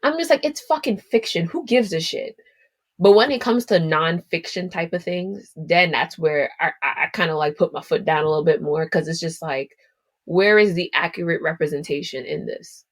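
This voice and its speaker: A woman co-hosting a podcast in casual chat, animated and full of "like" fillers. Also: low voice, normal speed. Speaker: podcast co-host.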